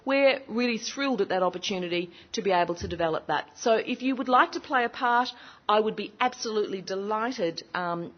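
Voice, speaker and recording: A woman hosting a conference and introducing the next speaker with effusive praise. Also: mid-range voice. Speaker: summit organiser and host. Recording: muffled lo-fi recording.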